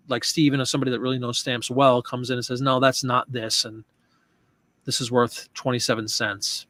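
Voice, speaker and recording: A man hosting a live chat show, talking casually and rambling with restarts and asides. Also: medium pitch.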